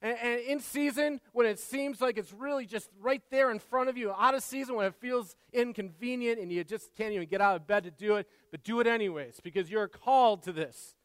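A man, a father, preaching a sermon in an earnest way, repeating words and moving between soft asides and loud emphasis. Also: very high voice, a little fast, hardly any pauses, smooth, no echo, long reverb tail. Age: adult father. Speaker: pastor.

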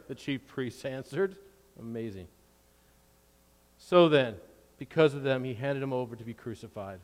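A man's voice: medium pitch, lively intonation, moderate pace. A man reading scripture aloud in a sermon, adding asides, then leading a prayer in a church. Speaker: pastor. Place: church hall. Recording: long hall reverb.

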